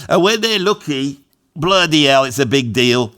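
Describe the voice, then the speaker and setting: A man's voice: medium pitch, animated, normal speed, a bit bright, clean tone. A middle-aged English man talking off the cuff in a rambling, self-mocking vlog. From England. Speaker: YouTuber, musician. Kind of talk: rambling unscripted vlog monologue.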